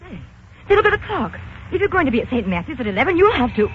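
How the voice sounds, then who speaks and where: An actress playing Kitty, an excitable and loyal young friend, pleading, in a 1940s radio drama. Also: female voice, high-pitched, fast talker, a little hiss or hum. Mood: excited. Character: young woman, loyal and anxious dancer friend. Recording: muffled old radio recording.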